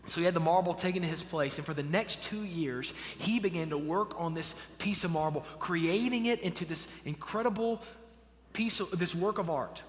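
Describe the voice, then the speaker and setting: A man preaching a sermon as a pastor, telling a story with animated swells and hushed drops. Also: sits high, moderate pace, big-room sound, a little hiss or hum. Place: church sanctuary.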